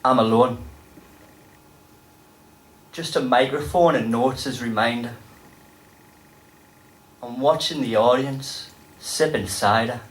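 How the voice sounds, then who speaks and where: A man with a Geordie accent performing spoken-word poetry on stage, with dramatic delivery and sudden loud bursts. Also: medium pitch, takes it slowly, pauses often, far from the mic. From North East England. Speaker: poet. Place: pub venue with a live audience. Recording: roomy live pub recording from afar.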